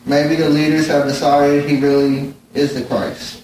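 A man in a Bible study group reading a scripture passage aloud in a steady, plain way with small stumbles. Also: fairly high pitch, a little slow, slight background noise. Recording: very echoey room, distant mic, faint ambience.

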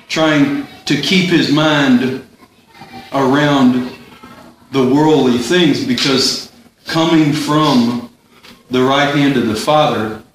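Slow, halting man leading a Bible study. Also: mid-range voice, slight background noise. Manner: thoughtful, halting, repeats words as he gathers thoughts. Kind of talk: informal Bible study teaching. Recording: very echoey room, distant mic, faint ambience.

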